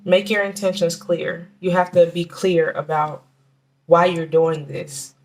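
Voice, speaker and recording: A woman giving a casual tarot reading, talking in a chatty, halting way with many restarts and fillers, and slowing down to name the cards. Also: on the low side, fairly even intonation, a little mellow. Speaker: tarot reader.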